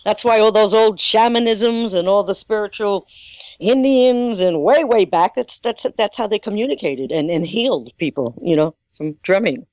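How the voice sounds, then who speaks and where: A man's voice: high voice, dry recording. A man with an accent, a guest talking casually about drumming, rambling with many fillers. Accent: non-native English. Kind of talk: casual chat. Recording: dull muffled sound, dry room.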